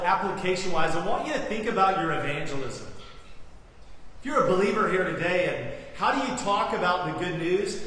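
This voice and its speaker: An earnest male pastor preaching slowly and deliberately, often turning to his listeners with rhetorical questions. His somewhat high voice carries from a distance and rings through a large hall with a long reverb. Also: fairly bright tone, a little hiss or hum. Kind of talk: sermon. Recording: echoey hall from far off, faint ambience.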